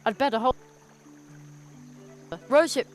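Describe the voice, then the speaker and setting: A curious young boy apprentice magician from an adventure game, polite and earnest as he wonders at things around him. Quiet game music plays faintly underneath. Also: high-pitched, unhurried. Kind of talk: video game dialogue.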